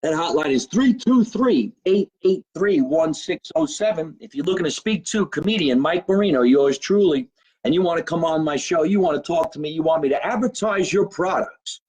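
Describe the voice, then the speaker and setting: A man's voice: on the high side, expressive, normal speed, darkish tone, slightly rough, rough recording. A male comedian, hosting his own live show from a home basement, rambling brashly, swearing and greeting viewers by name. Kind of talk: loose livestream chat to viewers.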